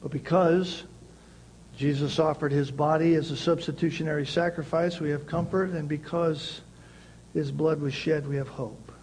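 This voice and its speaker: A male pastor preaching a sermon, emphatic and repeating key phrases, with swings between loud passages and quiet ones. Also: on the high side, steady tone, moderate pace, a little hiss or hum, poor audio.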